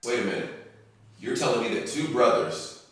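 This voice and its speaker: A man's voice: medium pitch, lively intonation, moderate pace, fairly bright tone. Brief: emphatic, joking male podcast co-host, recorded far from the mic in a very roomy space. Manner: emphatic, jokey, slangy. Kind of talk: casual movie review chat. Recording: echoey room, mic at a distance.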